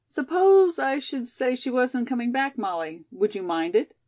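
Teasing, prankish college girl with a cold read by a woman; lively, playful, a bit higher. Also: measured pace.

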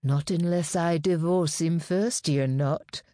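A woman reading an audiobook, voicing a brassy, husky woman who speaks low, slow and knowing with quiet menace. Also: no room sound. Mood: sultry menace. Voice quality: husky, sensuous.

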